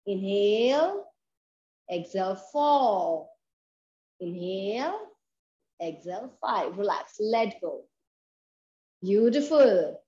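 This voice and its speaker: A woman's voice: mid-range voice, animated, slow pace, pauses often, warm tone. A woman with an Indian English accent leading a children's yoga class, giving encouraging instructions and counting breaths aloud. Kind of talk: guided fitness class for kids. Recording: dull, roomy sound with faint background noise.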